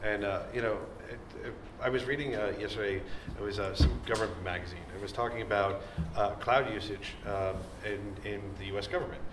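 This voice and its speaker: Low-voiced man speaking on a panel. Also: fairly even intonation. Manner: measured, with many fillers. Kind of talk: conversational panel talk. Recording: echoey room, distant mic, noise.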